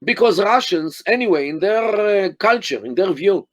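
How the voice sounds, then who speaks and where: An older man talks as an interview guest over a video call. He speaks in a fairly high voice, stressing words deliberately and often restarting his phrases. The sound is close and dry, with no room echo. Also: animated. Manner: deliberate, emphatic, many restarts and fillers. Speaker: interview guest, Middle East scholar.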